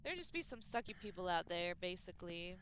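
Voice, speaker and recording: A woman's voice: on the low side, big pitch swings, a little fast, noisy background. A young woman streaming a game, chatting casually and rambling to her viewers with lots of "like" fillers.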